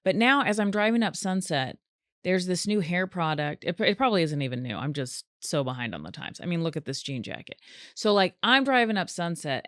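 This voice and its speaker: Woman doing a solo funny podcast, chatty, acts out voices, lowish voice, dry close mic. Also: clean tone, dry recording. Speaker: podcast host. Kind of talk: solo comedic podcast monologue.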